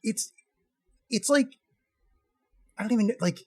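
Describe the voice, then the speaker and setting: A man co-hosting a film podcast with a voice pitched a little high for a man. He talks in an animated, exasperated way and swears freely while venting about the film. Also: slow, husky. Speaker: podcast co-host. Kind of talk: casual film review chat.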